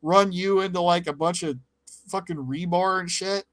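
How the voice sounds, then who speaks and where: Male podcast co-host, higher voice, dry close sound, lively, cursing and laughing. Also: moderate pace, dry recording. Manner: animated, swears freely, laughs a lot. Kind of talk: casual game review chat.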